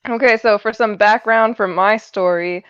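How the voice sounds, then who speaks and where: A woman's voice: medium pitch, steady tone, normal speed, fairly bright tone, lo-fi sound. A woman casually telling a story in a podcast chat, chatty and full of "like" and "right".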